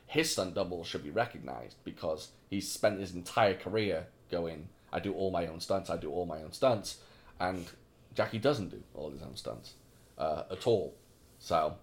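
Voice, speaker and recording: A man's voice: low voice, vocal fry. A man co-hosting a casual film podcast, chatty and opinionated, swearing now and then. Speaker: podcast co-host.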